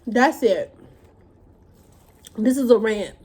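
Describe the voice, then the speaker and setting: A woman's voice: a little high, lively intonation, measured pace, long pauses, breathy edge. Blunt, profane woman ranting. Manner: talks while eating. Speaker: vlogger. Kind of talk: casual mukbang rant.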